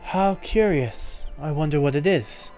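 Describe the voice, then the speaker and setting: A man voicing a stern but caring female deputy commander of mercenaries, calm and commanding. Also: on the high side, a little slow, faint music behind. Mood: firm, caring. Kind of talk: voicing game dialogue.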